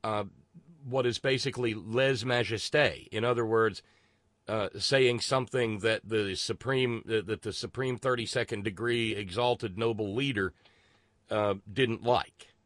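A man's voice: fairly low pitch, fairly even intonation, measured pace, a bit bright, no echo, studio quality. A man hosting a casual political talk show, rambling and sarcastic, with many restarts. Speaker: host.

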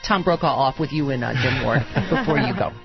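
A woman's voice: rumbling low, brisk, music in the background. A woman hosting a talk radio show, bantering casually and laughing often. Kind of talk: casual comedic radio chat. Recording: slightly muffled radio broadcast.

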